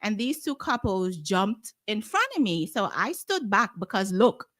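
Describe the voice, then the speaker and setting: Guyanese woman, animated storyteller, plays every voice in her tale, dry close sound. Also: medium pitch, measured pace, dry recording. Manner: animated, acts out quoted voices. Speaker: guest. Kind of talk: casual storytelling.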